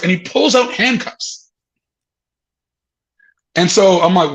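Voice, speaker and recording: Guy with a high voice on a podcast, swearing and laughing through a story, acts out the other people. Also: lively intonation, normal speed, fairly bright tone, poor audio. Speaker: comedian guest. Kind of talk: animated storytelling.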